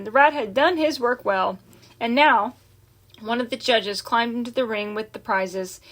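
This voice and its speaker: A woman narrating a children's chapter book aloud in a gentle, expressive way, lingering on key words. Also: a little high. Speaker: audiobook reader. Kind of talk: storybook read-aloud narration.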